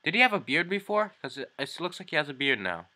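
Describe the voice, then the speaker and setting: Male host, bright tone, playful casual banter. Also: fairly high pitch, big pitch swings. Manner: playful, teasing, quick asides. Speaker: channel host. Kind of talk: casual joking chat.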